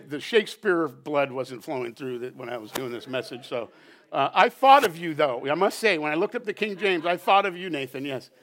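A man preaching a conversational sermon at a church service, animated and chatty, often checking in with "right?". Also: a little high, moderate pace. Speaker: pastor.

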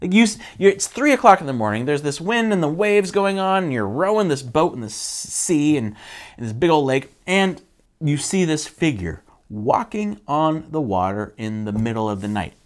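Lively, animated male pastor. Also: normal speed. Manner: animated, conversational, acts out quotes with jumps in pitch. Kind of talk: casual sermon.

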